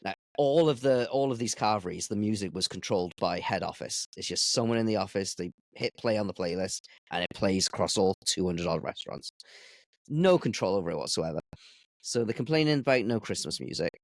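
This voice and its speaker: A man's voice: on the low side, fairly quick, no room sound. Laid-back man telling kitchen stories. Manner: relaxed anecdotal storytelling. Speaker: podcast guest, chef. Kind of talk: casual chat.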